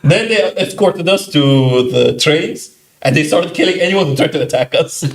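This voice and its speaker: A man's voice: on the high side, animated, moderate pace, vocal fry, echoey room, slight background noise. A man hosting a gaming podcast, telling a story in casual chat, laughing often and talking with lots of fillers. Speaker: podcast host.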